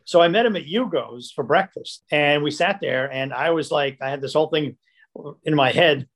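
A man's voice: fairly high pitch, normal speed. An older man, a producer, telling stories casually and acting out what people said. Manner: animated, acts out quoted dialogue. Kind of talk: casual storytelling.

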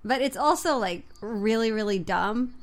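A young adult woman chatting casually as a vlogger, animated and playfully mocking. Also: on the high side, moderate pace. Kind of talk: casual chat.

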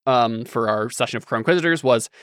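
A man's voice: mid-range voice, fast, a bit bright, clear, resonant tone, no echo, studio quality. A man hosting a podcast about tabletop role-playing games, chatting casually, full of fillers and restarts. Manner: rambling, lots of fillers and restarts. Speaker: podcast host and game master.

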